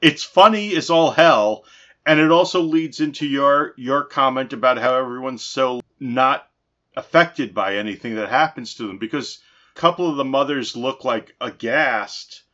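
An easygoing man co-hosting a podcast, chiming in with agreement. His voice has a middle pitch. The audio is muffled and lo-fi. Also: moderate pace, fairly bright tone. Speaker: podcast co-host. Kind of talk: casual chat.

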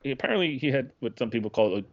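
An excitable man co-hosting a podcast, swearing freely and rambling through his thoughts. His voice sits at an average pitch. The sound is dull and lo-fi. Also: quick pace. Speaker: podcast co-host. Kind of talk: casual chat.

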